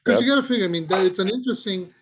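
Talking rapid-fire in a high-pitched voice, a podcast co-host rambles through a casual chat, often restarting and fishing for names.

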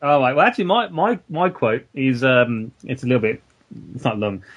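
A man's voice: mid-range voice, sing-song, normal speed. Hesitant man chatting. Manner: hesitant, lots of uhs. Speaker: podcast guest. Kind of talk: casual chat.

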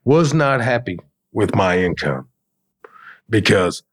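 A middle-aged man, a podcast guest telling work stories in a colloquial, animated way. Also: fairly low pitch, takes it slowly, husky. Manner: colloquial, animated storyteller acting out quotes. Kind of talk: casual storytelling in an interview.

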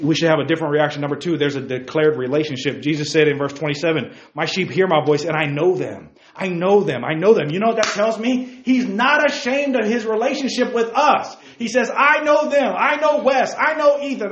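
A man's voice: a little high, reverberant, highs cut off. A man preaching a sermon to young men, with repeated calls of "hey guys" and sudden emphatic peaks.

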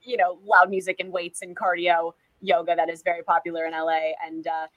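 A young woman from California chatting casually as an interview guest, quick and self-deprecating, peppering her talk with "like.". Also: on the low side, flat delivery, no room sound, lo-fi sound. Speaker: guest, actress and musician.

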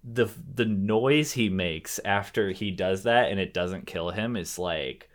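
A young man with a fairly low voice talks through a film in relaxed, casual chat. He rambles, piling on fillers and restarting his sentences as he thinks aloud. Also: slow. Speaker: podcast co-host discussing a film.

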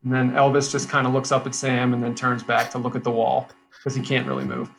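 A man in casual chat who laughs often and rambles with restarts while pitching a script to his co-hosts. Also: level tone, fast, vocal fry, a bit bright, soft background music, low-quality recording. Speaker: podcast co-host pitching a script.

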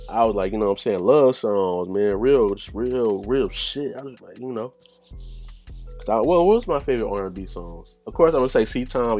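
A man's voice: medium pitch, darkish tone. A man hosting a solo podcast, rambling in loose, profane casual chat and laughing often. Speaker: podcast host.

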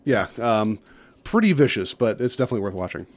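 A man's voice: fairly low pitch, big pitch swings, quick pace, dry recording. A man co-hosting a podcast in casual chat, rambling and upbeat with lots of fillers. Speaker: podcast co-host.

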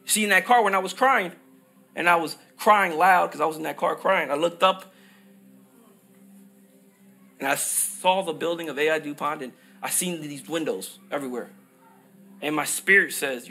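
Male pastor with a high, bright voice. Delivers the sermon in a repetitive cadence and builds to shouts on scripture. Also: brisk, faint music behind. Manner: emphatic, repetitive preaching cadence; rises to shouted peaks on scripture.

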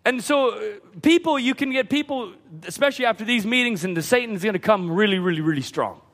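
A man preaching a sermon from the pulpit, building to impassioned shouts. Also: sits high, lively intonation, fast talker. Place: church sanctuary. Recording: church hall reverb.

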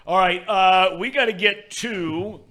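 A man's voice: high voice, takes it slowly, pushed and bright. A man hosting a sports talk show, upbeat and bantering. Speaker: host.

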